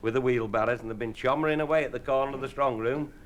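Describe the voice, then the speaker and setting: A man's voice: mid-range voice, fast. A man telling rambling, bawdy comic anecdotes as an after-dinner speaker, chuckling as he goes. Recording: hissy old live tape recording. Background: audience laughter.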